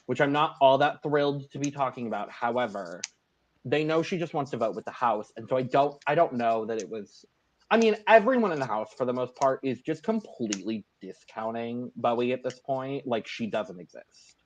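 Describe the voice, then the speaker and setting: A man co-hosting a podcast, chatting casually about reality TV with campy, quick asides. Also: mid-range voice, lively intonation, dull audio, slight background noise. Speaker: podcast co-host.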